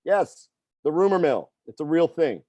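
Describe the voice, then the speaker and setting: A man's voice: a little high, animated, moderate pace, mellow, no room sound, muffled recording. A middle-aged man, a fitness coach, telling a personal story in a conversational way and often tagging sentences with "right?" and "okay?". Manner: conversational, frequent tag questions.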